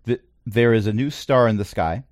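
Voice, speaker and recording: A man's voice: lowish voice, moderate pace, a little mellow, dry recording, studio quality. A man running a tabletop game as dungeon master, narrating playfully.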